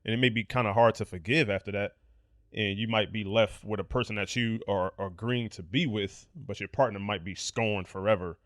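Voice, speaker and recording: A man's voice: fairly low pitch, steady tone, normal speed, a bit bright, no echo, studio quality. A man co-hosting a casual podcast chat, talking in a slangy, blunt way and swearing freely. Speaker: podcast co-host.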